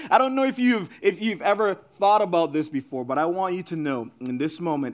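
A male pastor with a fairly high voice delivers a lively sermon. He talks casually, with slang and fillers, and shifts between loud, excited storytelling and soft, drawn-out emphasis.

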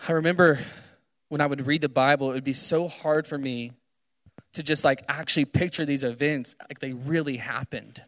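A young man preaching casually to students from a stage, retelling a story with animated asides. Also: mid-range voice, moderate pace, dry recording, in a large hall. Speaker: speaker at a student gathering. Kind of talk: energetic sermon. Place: large hall on a stage.

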